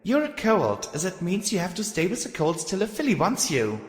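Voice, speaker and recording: A man's voice: high voice, huge pitch swings, normal speed, pitched above the performer's own voice. A man doing a brash young filly pony. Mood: bossy. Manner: brash, pushy. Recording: echoey room with long reverb.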